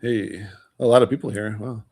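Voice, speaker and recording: A man with a fairly low voice hosts a livestream in a loose, casual way. His talk rambles and is padded with "you know" and "like". He often chuckles between points. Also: fairly even intonation, normal speed, darkish tone, husky. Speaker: livestream host.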